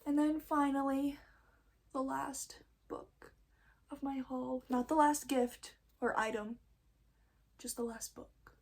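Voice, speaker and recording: A woman's voice: high-pitched, fairly even intonation, takes it slowly, creaky, long pauses. A young woman chatting casually and a bit nervously as she shows her books, rambling and often losing her train of thought. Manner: rambling, chatty, self-interrupting; nervous first-time vlogger. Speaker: book vlogger. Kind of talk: casual book haul chat.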